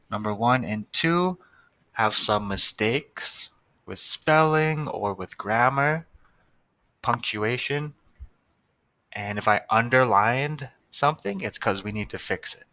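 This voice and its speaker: Slow, bright-voiced male teacher. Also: fairly low pitch. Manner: slow, patient, sounding out words. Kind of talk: recorded classroom lesson for children.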